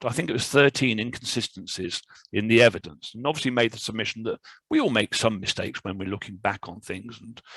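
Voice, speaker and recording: A man presenting a legal webinar as a barrister, speaking in a measured, explanatory way with frequent fillers, over a video call. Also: medium pitch, gravelly, a bit bright, breathy edge, dry recording, low-quality recording. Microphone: video call microphone.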